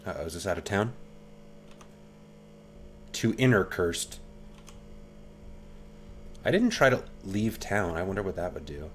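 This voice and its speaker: A man's voice: sits low, expressive, fast talker, hardly any pauses, fairly bright tone, slight background noise. A young man casually commenting on a game he streams, joking and reading its text aloud. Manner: reads game text aloud, swears and jokes.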